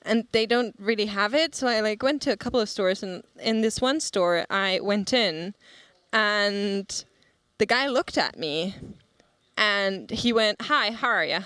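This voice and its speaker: A woman's voice: medium pitch, a little slow, a bit bright, clear, resonant tone, no room sound. A young woman who grew up bilingual in German and English, chatting casually and telling stories on a game stream. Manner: chatty storyteller, laughs often. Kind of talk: casual stream co-commentary chat.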